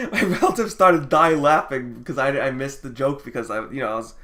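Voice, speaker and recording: A man's voice: medium pitch, fairly quick, bright, forceful tone. A man telling a story on his vlog in a casual, rambling way, laughing often and swearing freely. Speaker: vlogger.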